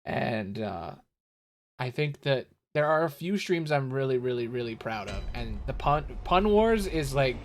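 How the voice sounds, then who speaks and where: A man's voice: mid-range voice, very animated, a little slow. A man streaming a video game, rambling jokily and getting exasperated at a boss he cannot beat. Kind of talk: casual gameplay commentary. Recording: audible background noise.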